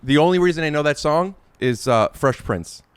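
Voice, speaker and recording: A man hosting a podcast, talking in a rambling, excitable and self-deprecating way, with many restarts, and trying to sing along. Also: on the high side, normal speed, clear, resonant tone, no echo. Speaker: podcast host. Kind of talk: casual chat and amateur singing.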